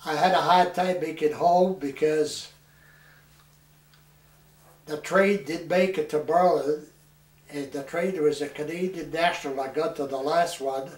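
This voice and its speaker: A man in his eighties from New Hampshire, a war veteran telling his story in a plain, halting way with restarts. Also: fairly high pitch, steady tone. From New Hampshire, USA. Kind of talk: oral history recollection. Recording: echoey room, mic far off, some noise.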